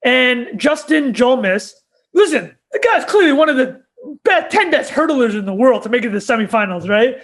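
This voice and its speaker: A man's voice: very high-pitched, lively intonation, moderate pace, a bit bright. A young man co-hosting a podcast, telling a story in casual chat and laughing often as he goes. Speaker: podcast co-host.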